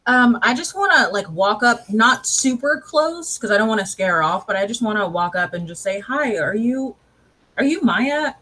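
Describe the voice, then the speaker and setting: A woman's voice: mid-range voice, fairly quick, few pauses, sharp tone, low-quality recording. A woman playing a tabletop game who speaks tentatively, often with hesitant fillers. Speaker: player. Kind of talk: casual tabletop play.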